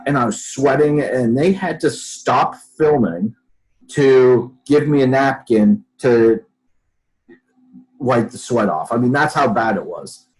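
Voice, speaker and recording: Animated man telling a story. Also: medium pitch, rough recording. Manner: animated storyteller, acts out quotes. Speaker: podcast guest, entrepreneur. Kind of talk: storytelling in a casual interview.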